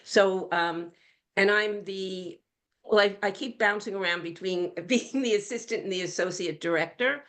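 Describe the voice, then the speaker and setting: An older retired woman, a guest on a chat show, talking over a video call with a warm, laughing, self-correcting manner. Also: mid-range voice, normal speed. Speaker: guest, nonprofit assistant director. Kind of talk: casual chat.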